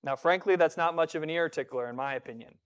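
Male preacher, slightly high, clean smooth tone, chatty sermon delivery with restarts. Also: fast talker. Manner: conversational preaching with frequent restarts and dramatic quoted voices. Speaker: pastor.

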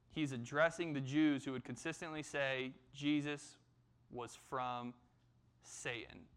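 A man preaching a sermon as a pastor, slowing down and lifting his voice when he quotes scripture. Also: mid-range voice, a bit bright, clean tone. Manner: measured preaching, slows and lifts for scripture quotes.

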